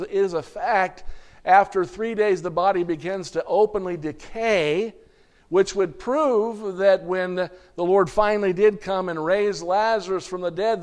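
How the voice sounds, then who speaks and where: High-voiced preacher delivering a sermon. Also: male voice. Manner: reads scripture aloud and addresses the congregation as folks; clears his throat and restarts words.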